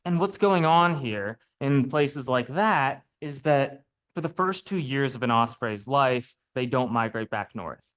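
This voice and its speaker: A man giving a chatty, lively talk to a live audience as a naturalist, often checking in with "right?" and "okay?". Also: mid-range voice, a little slow, hardly any pauses. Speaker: naturalist speaker. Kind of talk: public lecture with slides. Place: lecture room before a live audience.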